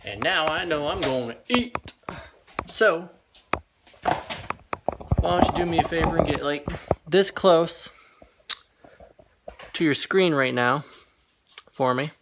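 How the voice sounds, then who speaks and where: A young man chatting casually as a vlogger, signing off to his viewers. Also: a little high. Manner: slow, chatty, drops to a whisper while hiding. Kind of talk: casual vlog chat. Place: inside a store. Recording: loud background noise.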